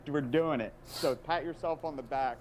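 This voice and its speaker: A man co-hosting a livestream, talking in a halting way with many fillers. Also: fairly high pitch, a little mellow, a little hiss or hum, rough recording. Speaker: co-host of the stream. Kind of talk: casual livestream chat.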